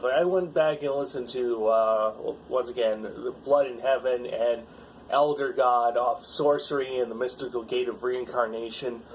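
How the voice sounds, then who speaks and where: A man's voice: mid-range voice, slight background noise, poor audio. A man giving a casual spoken review of a metal song, hesitant and full of fillers and restarts, bluntly critical.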